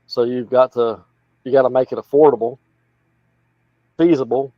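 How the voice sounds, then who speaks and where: A man's voice: mid-range voice, fairly even intonation, normal speed, no echo. Plainspoken Appalachian man, lo-fi sound. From North Carolina. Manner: plainspoken, folksy, rambling. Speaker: political candidate guest. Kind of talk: casual interview talk.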